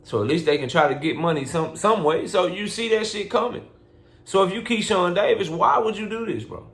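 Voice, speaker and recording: A man's voice: high-pitched, a little fast, fairly bright tone. A man hosting a boxing commentary vlog, speaking in a casual, blunt and profane rant that lectures his listeners. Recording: roomy echo.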